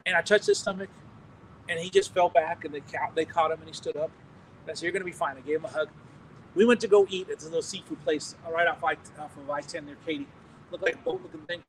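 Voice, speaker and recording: A man from the United States, a pastor, telling healing stories in an animated, chuckling sermon with frequent restarts. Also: a little high, fast talker, distant mic, a little hiss or hum, poor audio. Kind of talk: storytelling sermon testimony.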